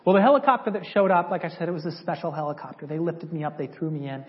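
A man tells his testimony to a church in a loose, conversational way, slipping into the voices of the people in his story. His voice sits a little high for a man. The recording is somewhat dull and lo-fi. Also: very fast. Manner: conversational, acts out dialogue from memory. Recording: slightly dull lo-fi audio.

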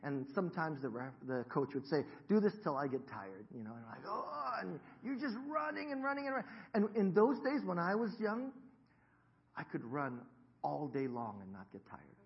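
A man's voice: on the high side, expressive, normal speed. Chatty, joking man preaching a sermon. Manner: jokey, self-deprecating, chatty with the congregation. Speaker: pastor. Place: church sanctuary. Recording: dull lo-fi sound.

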